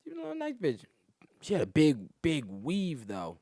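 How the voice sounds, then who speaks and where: A young comedian guest from the Atlanta area, Georgia, with a fairly high, warm voice that swoops wildly in pitch, speaks at a moderate pace. He tells crude, boastful stories loaded with slang and laughs at his own jokes, on a dry, clean studio recording.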